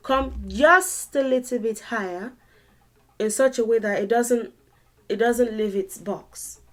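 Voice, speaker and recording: A woman teaching an online language lesson, patiently repeating words and sounding out tone syllables. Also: medium pitch.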